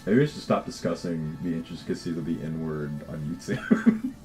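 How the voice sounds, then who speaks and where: A man's voice: a bass voice, animated, moderate pace, darkish tone, faint music behind. A man chatting casually on a livestream while he codes, swearing, laughing easily and often restarting his words. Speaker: game developer livestreaming.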